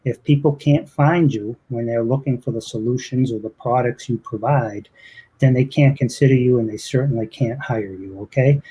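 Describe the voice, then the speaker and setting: A man with a Boston accent hosting a live online interview, chatting loosely with quick asides. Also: mid-range voice, mellow, a little hiss or hum, low-quality recording. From Boston, USA. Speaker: interview host.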